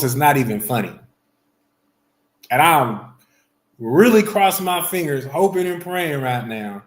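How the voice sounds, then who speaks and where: A man as coaxing, bright-voiced class teacher. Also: a little high. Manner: coaxing, repeats himself, reads scripture slowly. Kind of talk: teaching a class, questioning students.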